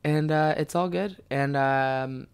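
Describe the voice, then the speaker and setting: A man in his twenties hosting a solo podcast, cursing freely and swinging from mumbled asides to loud outbursts. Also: fairly high pitch, slow pace, smooth. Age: 20s. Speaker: podcast host and stand-up comic. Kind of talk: casual solo podcast chat.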